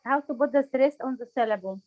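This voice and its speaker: A woman answering a class question haltingly. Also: sits high. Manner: halting, unsure. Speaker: student. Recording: dull lo-fi call audio.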